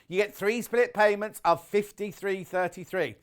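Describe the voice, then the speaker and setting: A man presenting on a shopping channel, talking in a rapid, chatty sales patter that often corrects itself, a bit out of breath, recorded on a lapel mic in a TV studio. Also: high voice, animated, a bit bright. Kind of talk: live TV sales pitch.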